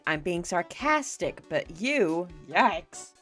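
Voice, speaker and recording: Bright, chatty young woman streamer. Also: on the low side, lively intonation, measured pace, few pauses, soft background music. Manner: chatty, giggly and fan-gushing. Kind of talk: casual gameplay chat.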